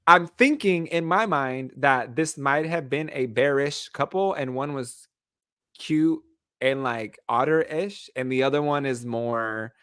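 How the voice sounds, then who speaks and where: A man co-hosting a podcast in casual chat, animated and laughing as he hands out cheeky advice. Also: medium pitch, a little slow, smooth, dry recording, studio quality. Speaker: podcast co-host.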